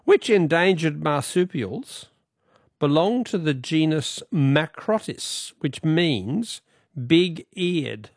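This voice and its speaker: A man hosting a talkback radio quiz, brisk and jovial with quick asides to callers. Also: a little high, sing-song, no room sound, studio quality. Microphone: studio microphone.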